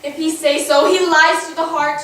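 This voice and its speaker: A woman's voice: high voice, level tone, normal speed, fairly bright tone. A woman playing Emilia, a fierce, loyal female servant, speaking stage Shakespeare in an urgent, pleading manner. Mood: defiant. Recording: echoey hall, distant mic, ambient noise.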